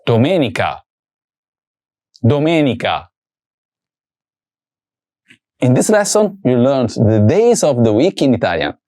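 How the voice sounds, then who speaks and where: Slow, lively-voiced male language teacher. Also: mid-range voice. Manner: slow, careful repetition of words for learners. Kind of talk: scripted language lesson.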